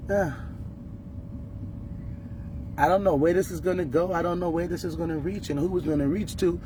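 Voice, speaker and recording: A woman's voice: fairly low pitch, fairly even intonation, moderate pace, pauses often, noisy background. A woman speaking as a mother in an emotional, urgent direct-to-camera appeal, distressed and rising in anger.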